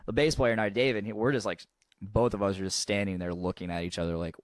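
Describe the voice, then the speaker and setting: Podcast co-host, young man, low voice, loose rambling storyteller, swears freely, dry close sound. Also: steady tone, quick pace, no room sound. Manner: rambling, swears freely, restarts often, laughs at own story. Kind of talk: casual storytelling chat.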